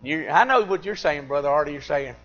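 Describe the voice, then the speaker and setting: Fervent preacher man, bright and high. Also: expressive, brisk, highs cut off. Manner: fervent, swings between loud emphatic peaks and quiet confiding asides. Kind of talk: sermon.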